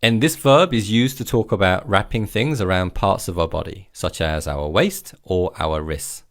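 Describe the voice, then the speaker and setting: A man teaching vocabulary in a recorded language lesson, encouraging and repeating each word slowly for learners to follow. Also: deep voice.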